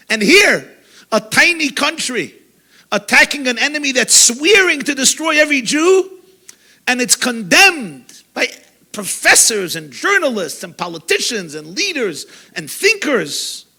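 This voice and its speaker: Impassioned high-voiced male rabbi preaching. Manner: impassioned, swings from loud to hushed. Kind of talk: sermon. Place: lecture gathering.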